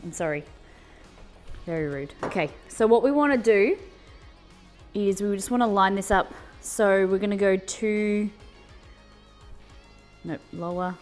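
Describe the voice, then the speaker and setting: A woman's voice: medium pitch, a little slow, pauses often, a little mellow, soft background music. A woman hosting a live cooking stream from her kitchen. She chats casually and rambles, with lots of fillers and restarts. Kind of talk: casual chat while cooking. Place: home kitchen.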